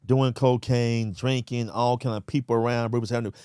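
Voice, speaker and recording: A man's voice: medium pitch, little pitch movement, quick pace, warm tone, clean tone, no room sound, clean studio sound. A man as a podcast guest, telling his personal story with emotion and often calling the host "man" and "brother".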